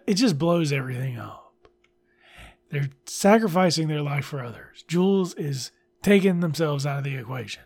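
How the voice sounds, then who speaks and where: A man's voice: fairly high pitch, expressive, normal speed, creaky, darkish tone, breathy edge. A man reviewing a book in casual commentary, blunt and sarcastic, swearing freely.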